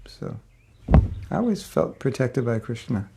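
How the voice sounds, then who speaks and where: Gravelly older man teaching. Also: mid-range voice, animated, moderate pace, mellow, a little hiss or hum. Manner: conversational, rambling, with many fillers and restarts. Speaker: spiritual teacher giving a class. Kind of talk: casual storytelling lecture.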